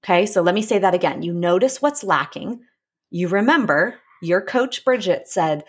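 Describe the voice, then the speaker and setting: A woman relationship coach talks through her podcast in a somewhat low, husky voice. She is earnest and chatty, wanders into asides, then slows down to say her key lines twice. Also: animated. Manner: earnest, repeats key lines slowly for emphasis. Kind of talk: casual podcast monologue.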